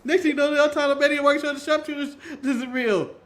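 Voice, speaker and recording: A man's voice: very high-pitched, fairly even intonation, quick pace, crowd noise. A man from the United States co-hosting a wrestling chat show, cursing and laughing as he jokes. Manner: profane, laughing joker. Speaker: podcast co-host. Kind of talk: casual chat.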